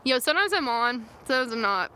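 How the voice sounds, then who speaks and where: A woman's voice: fairly high pitch, expressive, fast talker, pushed and bright. A young woman from San Francisco live-streaming outdoors, chatting casually and reading viewer comments aloud. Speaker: vlogger reading live chat. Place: outdoors in the wilderness. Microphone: phone camera. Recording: faint outdoor noise.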